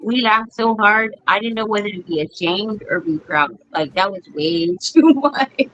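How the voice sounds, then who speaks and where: A woman's voice: mid-range voice, unhurried, fairly bright tone. A middle-aged woman hosting a podcast, telling family stories bluntly with plenty of swearing. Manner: blunt, profane storytelling. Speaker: podcast host. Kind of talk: casual chat. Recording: dull lo-fi sound.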